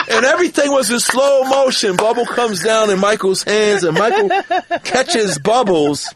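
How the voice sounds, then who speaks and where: A man guesting on a podcast, telling an anecdote in an animated, profane way and acting out the quotes. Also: high voice, moderate pace, a crowd in the background. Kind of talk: storytelling anecdote.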